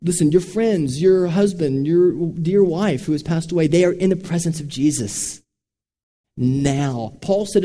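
A man's voice: a little high, measured pace, mellow. A man preaching a sermon, telling stories in an earnest, direct way from a church sanctuary. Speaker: pastor. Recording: long reverb of a large hall.

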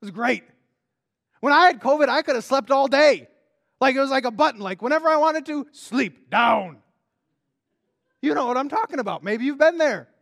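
A pastor with a strikingly high voice delivers his sermon like a chat. He tosses out rhetorical questions and trips into quick restarts as he goes. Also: creaky. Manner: conversational, animated, with frequent restarts and rhetorical questions.

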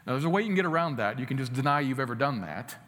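A man's voice: medium pitch, expressive, racing. Earnest preacher man in a reverberant hall. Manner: earnest, swings between loud emphasis and quiet asides. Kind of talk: sermon.

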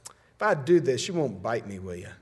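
A man voicing a kind but wary young boy in a folk tale, asking soft, uneasy questions. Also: mid-range voice, sing-song, normal speed, breathy edge, big-room sound, pitched below the performer's own voice. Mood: nervous.

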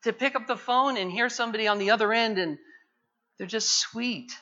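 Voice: medium pitch, a little fast, pushed and bright, highs cut off. A pastor preaching a sermon with passion, pressing the point with repeated rhetorical questions.

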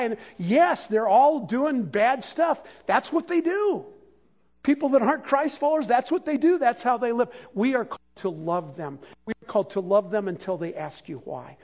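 A high-pitched older man delivers a sermon from the pulpit, moving between quiet teaching and lively, joking asides. The recording is dull and lo-fi. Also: moderate pace. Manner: animated, conversational preaching with self-deprecating humor. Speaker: pastor.

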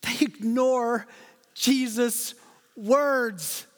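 Male pastor, high-pitched, dynamic sermon delivery, church hall reverb. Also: drawn-out words. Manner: dynamic, swings from loud rhetorical questions to hushed asides. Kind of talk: expository sermon.

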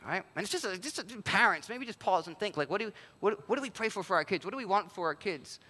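A man pastor giving a sermon in a conversational, animated way and acting out quotes. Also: high-pitched, fast talker, in a large hall.

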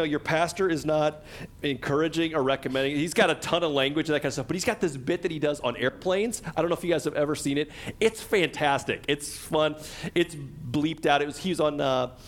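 Animated man preaching a casual sermon. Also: a little fast. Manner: conversational and animated, acts out quotes with a higher voice. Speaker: pastor.

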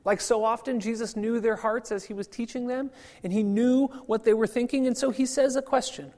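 A man's voice: very high-pitched, steady tone, fairly quick, a little mellow. A man preaching a sermon as a pastor, in a conversational way with frequent repeated restarts. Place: church sanctuary. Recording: long church reverb.

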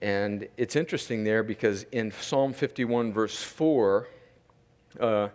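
A man preaching an expository sermon as a pastor, slowing down to stress key words and chuckling between points. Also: on the low side, darkish tone. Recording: long reverb of a large hall.

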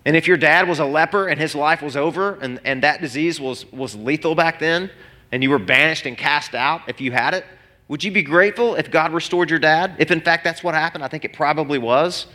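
Guy pastor preaching, kinda high bright voice, animated and chatty, lots of restarts. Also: a little fast. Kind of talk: sermon. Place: church hall before a congregation.

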